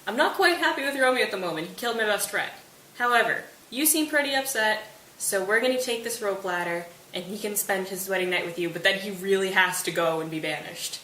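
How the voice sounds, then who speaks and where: Woman doing a brisk older nurse. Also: mid-range voice, pushed and bright, echoey room, recorded from a distance, a little hiss or hum, natural voice, rough recording. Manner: brisk, matter-of-fact. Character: bossy older female nurse.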